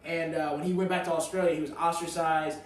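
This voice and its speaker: A man's voice: fairly high pitch, little pitch movement, fast, echoey room, far from the mic, low-quality recording. A man co-hosting a sports show in casual chat, telling a story emphatically and joking around.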